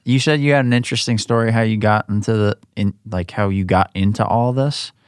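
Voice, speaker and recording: A thirty-year-old man hosting a podcast, chatting in a relaxed, affirming way with loose run-on thoughts. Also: lowish voice, a little fast, smooth, no echo, studio quality. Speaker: podcast host. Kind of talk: casual interview chat.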